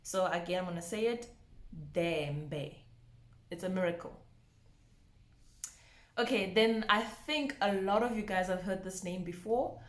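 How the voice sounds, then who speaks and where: A woman teaching a pronunciation lesson, slowly repeating each word with care. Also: mid-range voice, reverberant. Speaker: language teacher.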